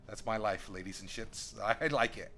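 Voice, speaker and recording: Brief: London man, streamer, bright tense voice, joking and cursing through gameplay, faint music behind. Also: fairly low pitch, moderate pace. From United Kingdom. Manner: joking, swears freely, thinks aloud. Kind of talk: casual gameplay commentary.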